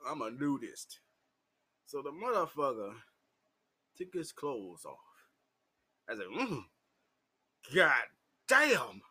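A man's voice: medium pitch, sing-song, slow, pauses often, fairly bright tone, slightly rough. A man telling a raw, profane story to camera, laughing often and acting things out. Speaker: vlogger.

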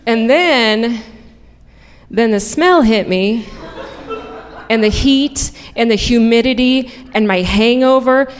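A woman's voice: a little high, slow pace, long pauses. Frank, profane woman telling a stage story. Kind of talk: live personal storytelling. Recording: reverberant hall.

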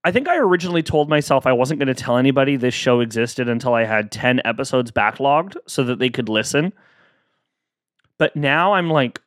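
A man's voice: medium pitch, a bit bright, dry recording, clean studio sound. A man hosting a casual solo podcast, chatting playfully and acting out both sides of imagined exchanges.

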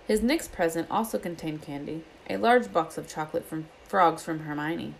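Low-pitched woman reading a story aloud with lively character voices. Faint background noise. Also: normal speed, vocal fry, low-quality recording. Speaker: reader.

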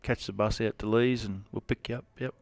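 A man's voice: fairly low pitch, fairly even intonation, brisk, no room sound, clean studio sound. A man with an Australian accent, a rodeo cowboy telling stories in a casual interview, rambling with lots of fillers and restarts.

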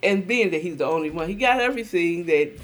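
Animated middle-aged woman chatting. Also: on the low side, fast talker. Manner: animated, acts out voices in quotes. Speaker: guest. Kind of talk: casual chat.

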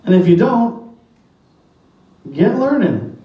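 This man's voice sits high as he preaches, very animated yet slow-paced. A pastor in a church sanctuary, he quotes scripture emphatically in old-fashioned language; the lo-fi sound comes from a distant mic in a very echoey hall.

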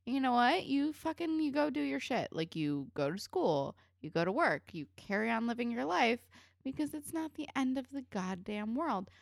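A woman's voice: fairly high pitch, very animated, moderate pace, vocal fry, no echo. A woman co-hosting a casual recap podcast, her voice swinging widely up and down as she gets worked up. She talks bluntly and swears freely. The sound is close and dry, with no room around it. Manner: blunt, profane, exasperated rants. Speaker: podcast co-host.

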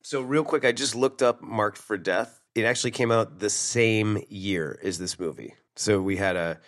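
A man's voice: lowish voice, normal speed. A man co-hosting a podcast, chatting casually about a movie and acting out quotes, with lots of fillers. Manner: animated, lots of fillers and quoting. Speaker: podcast co-host.

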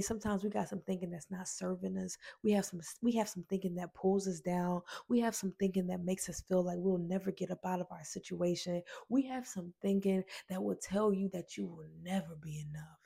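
A woman's voice: lowish voice, vocal fry, mellow, breathy edge. A woman giving a motivational talk, telling a personal story in an earnest, emotional way, addressing listeners as friends and repeating key phrases. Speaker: motivational speaker.

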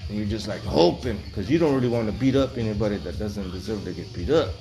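A man's voice: lowish voice, fast, dark tone, faint music behind. A man in his forties talking candidly in a rambling monologue, blunt and heavily profane. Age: 40s.

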